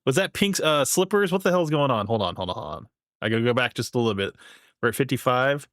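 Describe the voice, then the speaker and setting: A man's voice: medium pitch, lively intonation, fast, a bit bright, no echo, clean studio sound. A man hosting a live stream, chatting casually and rambling with lots of filler words as he reacts to a video. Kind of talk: casual chat.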